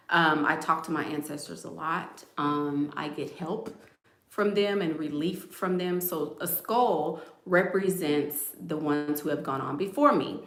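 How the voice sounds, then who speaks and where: Speaking on the low side in an echoey room, a woman vlogs in a playful, chatty way and addresses her viewers as y'all.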